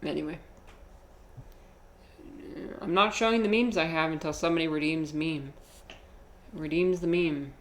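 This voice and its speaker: A woman's voice: low voice, moderate pace, long pauses, a little hiss or hum. A young woman streaming a game, chatting casually with her viewers and laughing often. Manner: giggly, chatty, reacts to chat. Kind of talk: casual chat while gaming.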